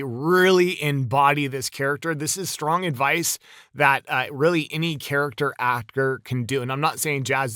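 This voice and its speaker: An upbeat man reviews a voiceover demo in a casual, talkative way, tossing out quick praise. His voice is bright and fairly high. It sounds dry and close, with no room echo. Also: smooth. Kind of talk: casual video critique.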